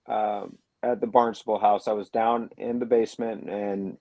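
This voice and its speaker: A man talks about his paranormal investigations as a radio guest. He speaks in an earnest, reflective way and fills his pauses with "um" and "you know." His voice is low and mellow, and the recording is dry and close. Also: flat delivery, no room sound. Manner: earnest, reflective storytelling, many fillers. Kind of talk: telling a story in a radio interview.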